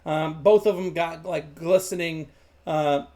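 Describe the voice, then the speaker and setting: A man's voice: fairly high pitch, fairly even intonation, a little slow, gravelly, dark tone. A man narrating as game master in a tabletop game, rambling with many fillers and restarts.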